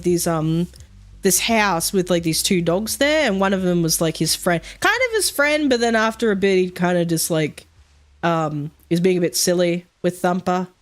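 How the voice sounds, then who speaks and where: A woman chatting casually on a stream, rambling and swearing freely with plenty of fillers. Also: fairly low pitch.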